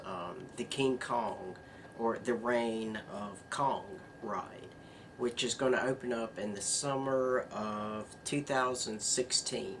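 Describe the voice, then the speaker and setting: A man's voice: mid-range voice, noisy background. A man hosting his own news vlog, rambling and earnest with bursts of announcer-style hype. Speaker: show host.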